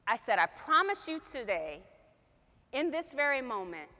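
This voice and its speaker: Woman trainer, animated storyteller, wide-ranging pitch, in a reverberant hall. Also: normal speed. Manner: animated storyteller, acts out quoted dialogue. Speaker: company sales trainer. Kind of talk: emotional storytelling talk.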